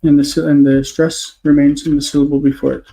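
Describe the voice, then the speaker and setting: A man's voice: fairly high pitch, level tone, fairly quick, vocal fry, dark tone, low-quality recording. A man on a live stream, explaining word forms step by step, thinking aloud with many fillers. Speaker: Hebrew teacher.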